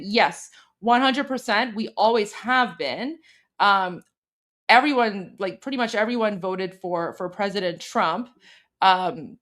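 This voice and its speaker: A woman's voice: mid-range voice, fairly bright tone. A woman from Canada hosting a political commentary show, explaining and translating a video clip in a chatty way with many fillers and restarts.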